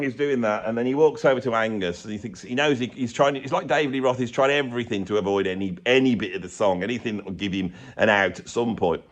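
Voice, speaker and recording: A man's voice: lowish voice, fast talker, few pauses, muffled recording. A man giving a rambling, sarcastic, comedic rant as a YouTube commentator. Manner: rambling, sarcastic, self-mocking.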